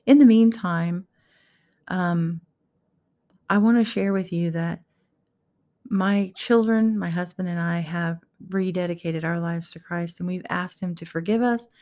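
A woman's voice: lowish voice, a little mellow. Earnest woman sharing her faith. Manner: earnest, encouraging, heartfelt. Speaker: Christian vlogger. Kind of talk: personal faith talk to camera.

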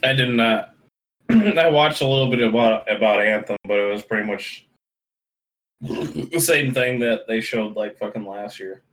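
Slow, low-voiced laid-back man. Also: a bit bright, low-quality recording. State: drunk. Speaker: podcast co-host. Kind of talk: casual chat.

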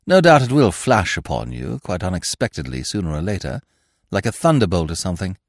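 A suave, unflappable young gentleman in a storybook reading, as a man reads him, given to languid, mock-solemn speeches. His low voice rolls through very animated rises and falls, heard dry and close. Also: a little fast, no room sound, heavily acted.

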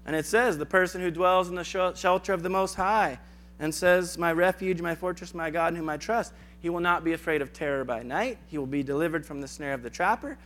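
A man's voice: on the high side, fairly quick, fairly bright tone. A man giving a conversational sermon, acting out biblical dialogue in casual asides. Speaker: preacher.

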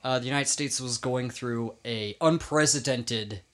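A man's voice: medium pitch, unhurried, a bit bright. A man hosting a comedy history podcast, telling the story casually, laughing and swearing along the way. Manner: swears freely, laughs often.

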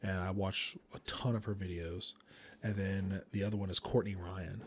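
A man hosting a podcast, a firefighter chatting casually in a rambling way with frequent chuckles and quick asides. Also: sits low, little pitch movement. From Indiana.

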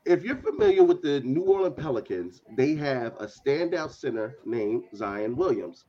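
A man's voice: medium pitch, very animated, normal speed, dull audio. A man hosting a podcast in casual chat, loose and joking, often stumbling over his words. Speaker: podcast host.

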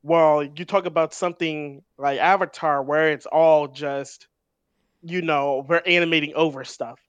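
Casting note: higher-pitched male podcast co-host, thoughtful, dry close sound. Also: fairly even intonation, moderate pace, fairly bright tone, clean tone, dry recording, muffled recording. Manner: thoughtful, restarts often while explaining. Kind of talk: casual film discussion.

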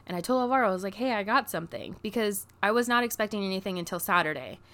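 A woman vlogger chats casually and tells a story to her camera, with lots of "like" fillers. Her talk is excitable and gushing, and her pitch sits in an ordinary middle range. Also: rapid-fire. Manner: chatty, filler-heavy with constant "like".

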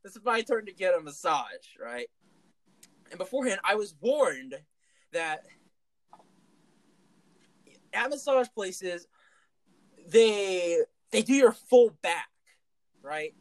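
A man telling a funny story in a casual comedy podcast, animated, swearing and laughing as he goes. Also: high-pitched, slow, pauses often, no room sound, rough recording.

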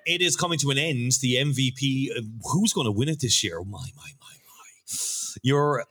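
A man's voice: mid-range voice, a little fast, a bit bright. A man hosting a casual football podcast, joking and laughing often. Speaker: podcast host. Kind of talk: casual chat.

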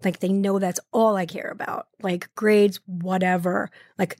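A middle-aged woman guest in a podcast interview, talking fast and effusively and repeating words for emphasis. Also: medium pitch, flat delivery, darkish tone, dry recording, studio quality. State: tearful, choked up.

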